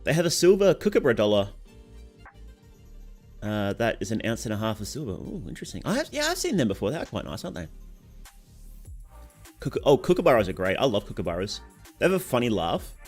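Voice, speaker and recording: A man's voice: medium pitch, sing-song, fast talker, long pauses, darkish tone, faint music behind. A young Australian man with a sore throat chatting casually on a game stream, reading out chat and answering it.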